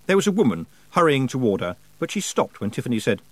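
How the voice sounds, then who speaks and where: A male audiobook narrator reading with lively, expressive inflections in a mid-range voice. The sound is close and dry, with no room echo. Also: medium pitch, fast. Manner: expressive storytelling. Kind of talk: scripted narration.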